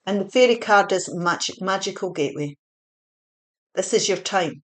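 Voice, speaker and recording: A woman's voice: medium pitch, normal speed. Woman, tarot reader; earnest, repetitive, encouraging delivery with fillers. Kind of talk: spiritual tarot reading.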